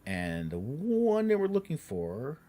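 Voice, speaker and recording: A game master runs a tabletop game, narrating haltingly with many fillers and restarts. His voice is on the high side with a dark tone and huge swings in pitch.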